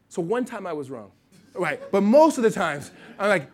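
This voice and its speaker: A middle-aged man from the United States delivers a sermon in a high, light voice. He talks in a loose, conversational way, with restarts and asides. His level swings between loud, pressing points and quiet, hushed passages. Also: fairly quick. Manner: animated preaching with wide swings from loud to hushed. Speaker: pastor.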